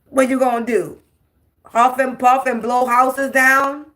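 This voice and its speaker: A woman's voice: high-pitched, little pitch movement, slow, bright, forceful tone. A woman, giving a brash, profane, taunting spiritual tarot monologue. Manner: taunting, repetitive, defiant.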